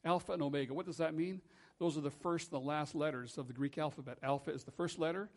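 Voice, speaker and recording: A man preaching a sermon as pastor in a church, earnest and measured, slowing and dropping soft for emphasis. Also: a little high.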